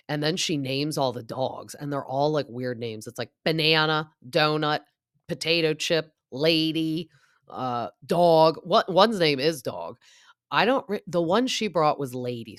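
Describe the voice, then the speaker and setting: A woman's voice: very deep voice, dry recording, clean studio sound. A woman in her thirties giving a chatty, gossipy recap of a reality show, full of asides and quoted lines. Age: 30s. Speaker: podcast host.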